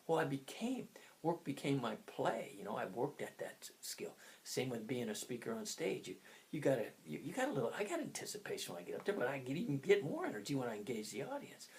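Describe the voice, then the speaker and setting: An older man in his sixties coaching and motivating in a loose, chatty way. His pitch leaps up and drops all over, and he wanders off on tangents, flipping from sudden loud bursts to near-whispered asides. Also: very animated, quick pace. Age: 60s. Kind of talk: casual motivational talk.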